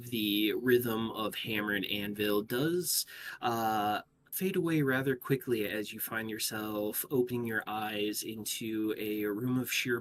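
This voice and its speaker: A man narrating as game master in a tabletop game, pausing often with "uh". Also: on the low side, fairly bright tone, slight background noise. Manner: narrates with frequent "uh" pauses.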